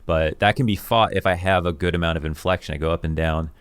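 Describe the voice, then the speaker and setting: A man, an esports caster, thoughtfully reviewing his own commentary in a deep voice, enunciating carefully. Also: fairly even intonation, quick pace, a bit bright, clear, resonant tone, no echo. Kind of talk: reflective self-review.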